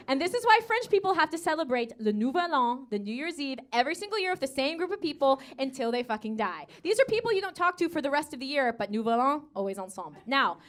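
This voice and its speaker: A woman's voice: high voice, sing-song, fairly bright tone. An American woman in her thirties doing a stand-up comedy set, with sassy asides and gushing put-on voices for the people she quotes. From United States. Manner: sassy, rapid asides with frequent okays. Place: comedy club stage with a live audience.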